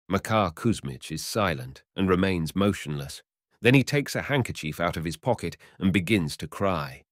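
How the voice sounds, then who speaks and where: A man narrating a short story in a measured, even reading style. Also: low-pitched, no room sound, studio quality.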